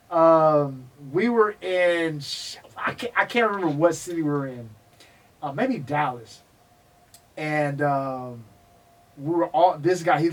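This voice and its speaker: Animated storytelling man, distant mic. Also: fairly high pitch. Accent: Texan. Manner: animated, profane, acts out quoted people. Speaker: guest, MMA historian. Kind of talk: casual storytelling interview.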